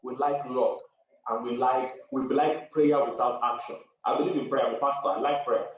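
A man's voice: medium pitch, fairly even intonation, moderate pace. A male pastor and counselor hammers his points home, repeating key phrases and laughing between them. His voice comes from far off the mic in a very echoey room. The sound is muffled and dull. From Africa. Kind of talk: preaching to an online audience.

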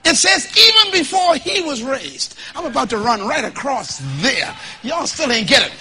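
A man from the Bahamas, preaching a sermon in an emphatic, folksy and humorous way that builds to shouting as he urges the congregation to respond. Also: very high voice, lively intonation, moderate pace, hardly any pauses, a little hiss or hum.

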